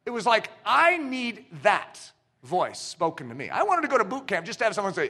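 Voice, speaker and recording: A man preaching a sermon as pastor in a church, animated and acting out the voices he quotes. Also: high-pitched, brisk. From United States.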